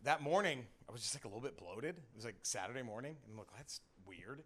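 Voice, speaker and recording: A man's voice: medium pitch, animated, racing. A man, a stand-up comedian, telling his own story on a comedy club stage in a loose, conversational way full of "like" and "you know".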